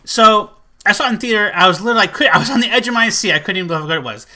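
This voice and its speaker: Man, movie collector vlogger, rambly and excitable, lots of fillers, bright forward voice. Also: sits high, rapid-fire. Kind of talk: casual collection vlog.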